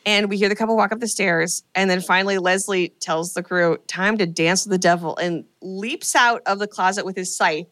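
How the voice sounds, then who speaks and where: A woman's voice: medium pitch, moderate pace, few pauses, a bit bright. A woman hosting a podcast, casually retelling a film's plot in a chatty way with lots of fillers. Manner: chatty storyteller with many fillers. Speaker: podcast host.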